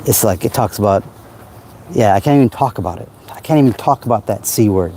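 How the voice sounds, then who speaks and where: A man's voice: fairly low pitch, expressive, a little fast, dark tone, a little hiss or hum. A man talking in a rambling, self-help way on a casual livestream, outdoors at night by a parked car, into a phone.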